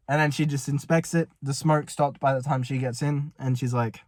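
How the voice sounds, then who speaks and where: A man's voice: medium pitch, fairly even intonation, moderate pace, hardly any pauses, no room sound. A young man, rambling and panicky as he tells a story to camera from a parked car. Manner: panicky, rambling, swears a lot. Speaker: vlogger. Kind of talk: casual vlog storytelling.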